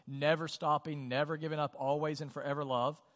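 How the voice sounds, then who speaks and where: A man's voice: a little high, little pitch movement, a little fast, a bit bright. A male pastor delivering a sermon in a conversational style, often saying "like" and putting questions to the congregation. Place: church auditorium. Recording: long church hall reverb.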